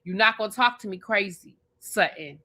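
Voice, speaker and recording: A woman who reviews TV shows and hosts her own channel rants bluntly during a live review, swearing plenty and speaking directly at the show's cast. Her medium-pitched voice is animated and moves at a moderate pace.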